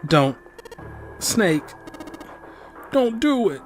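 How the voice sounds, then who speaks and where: A man voicing a desperate young man, pleading urgently in a higher voice. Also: normal speed, faint music behind, close to an everyday voice.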